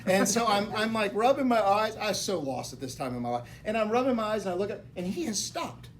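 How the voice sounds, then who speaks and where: A man giving a motivational talk to a group of realtors, telling a personal story dramatically, dropping to hushed tones and then bursting out loudly. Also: animated, fairly quick, slight background noise. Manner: dramatic, swings between hushed low tones and loud outbursts. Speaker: mortgage lender speaking to realtors. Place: real estate office meeting room.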